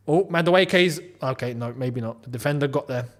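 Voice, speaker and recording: Hosting a live football watchalong, this young man speaks in a mid-range voice at a moderate pace with hardly any pauses. He reacts animatedly to every play, exclaiming and telling off players as if they were listening.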